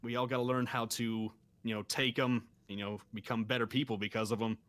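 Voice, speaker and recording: A man's voice: mid-range voice, flat delivery, fairly quick, fairly bright tone. A man with an ordinary mid-range voice chats during a card game livestream. He mostly drops short, dry, joking remarks. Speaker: livestream guest.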